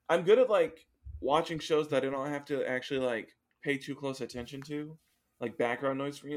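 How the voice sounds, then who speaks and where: A man co-hosting a podcast in casual chat, easygoing and agreeable, with lots of fillers. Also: mid-range voice. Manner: chatty, filler-heavy, agreeable. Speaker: podcast co-host.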